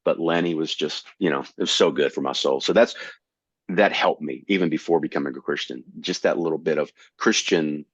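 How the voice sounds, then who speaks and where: A man in his sixties from Florida, a comedian guest telling animated stories in casual conversation. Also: extremely low pitch, a little fast, no echo. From Tampa, Florida. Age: 60s. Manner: animated storyteller. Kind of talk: casual storytelling. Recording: dull, slightly lo-fi dry recording.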